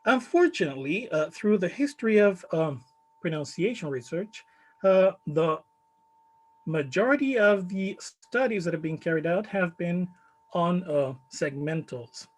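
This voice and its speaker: A man with a Chilean Spanish accent presenting his study in a conference talk, measured and full of fillers. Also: sits high, lively intonation, rough recording. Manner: measured, many fillers, stresses key words.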